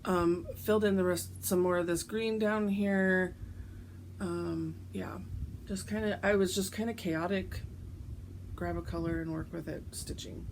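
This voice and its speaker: A woman's voice, slightly gravelly and worn, as if it is going hoarse, in a loose, rambling chat full of ums and little restarts. She sounds relaxed and homey, with a faint hum of room ambience behind her. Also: on the low side, a little slow. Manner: chatty, rambling, with frequent ums. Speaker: cross-stitch vlogger. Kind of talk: casual show-and-tell chat.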